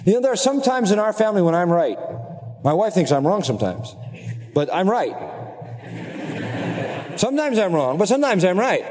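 A middle-aged man preaching a sermon, earnest and emphatic, at times climbing into high, excited exclamations. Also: moderate pace, pauses often, a crowd in the background. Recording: long hall reverb.

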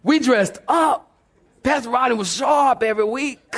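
A man's voice: very high-pitched, measured pace, a bit bright. A man preaching a sermon to a church congregation, telling stories with humor and talking back and forth with the people. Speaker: pastor. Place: church sanctuary before a congregation.

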